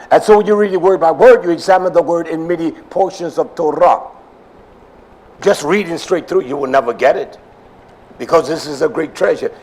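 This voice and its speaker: An older man preaching a sermon, swinging from loud emphasis down to near whispers. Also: on the high side, slightly rough, poor audio.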